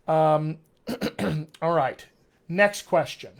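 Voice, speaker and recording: A man's voice: fairly high pitch, extremely slow, vocal fry. A middle-aged man, a dialect coach, teaching in a live online question-and-answer session, upbeat and encouraging as he speaks straight to his viewers.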